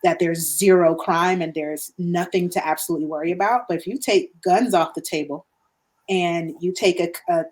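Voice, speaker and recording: Low-voiced woman explaining earnestly. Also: moderate pace, darkish tone. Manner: earnest, explanatory, with frequent restarts. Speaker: podcast guest or co-host. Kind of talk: conversational podcast talk.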